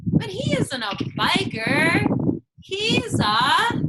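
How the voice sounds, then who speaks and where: A woman's voice: very high-pitched, big pitch swings, drawn-out words, heavy background noise. A woman speech therapist teaching preschoolers in a sing-song way, stretching words out and making playful animal sounds. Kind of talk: slow, sing-song teaching to young children.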